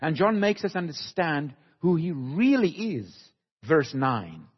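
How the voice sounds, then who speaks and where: A man preaching a sermon slowly and emphatically, with dramatic pauses, recorded in a church hall. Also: on the high side, sing-song, breathy edge. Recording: dull, lo-fi recording with long hall reverb.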